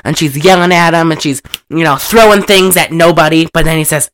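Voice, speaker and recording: A man casually retelling an old film, animated and profane, laughing often and acting out the characters' lines. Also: a little high, fairly quick, hardly any pauses. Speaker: movie recapper.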